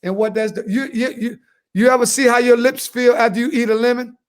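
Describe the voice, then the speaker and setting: A man's voice: extremely high pitch, steady tone, brisk, clear, resonant tone. A man co-hosting a comedy podcast, giving crude advice in a boastful, repetitive way and laughing at his own jokes. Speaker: podcast co-host.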